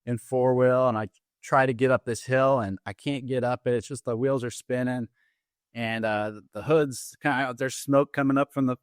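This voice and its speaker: A middle-aged man, an Army veteran, telling his own story as a podcast guest, in a halting way with many fillers and restarts. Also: medium pitch, steady tone, smooth, no room sound, studio quality. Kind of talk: personal story told in an interview. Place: podcast studio.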